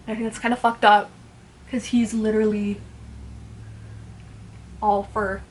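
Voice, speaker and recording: A woman in her twenties chatting casually at home while doing her makeup, rambling and blunt, swearing freely. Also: fairly high pitch. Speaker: beauty vlogger. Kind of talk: casual get-ready-with-me chat.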